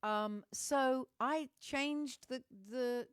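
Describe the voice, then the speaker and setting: A woman's voice: high voice, extremely slow, smooth, dry recording. Welsh woman, middle-aged, chatting live to viewers, candid and rambly, swears a bit, dry close mic. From Wales. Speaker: musician hosting a livestream. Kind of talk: casual chat to live viewers.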